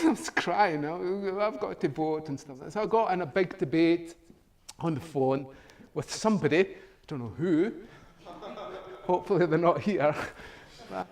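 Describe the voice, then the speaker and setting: A middle-aged professor gives a humorous talk in a meetup venue room, his high-pitched voice animated and darkish in tone at a moderate pace. He tells jokey stories, chuckles often, and acts out both sides of a conversation.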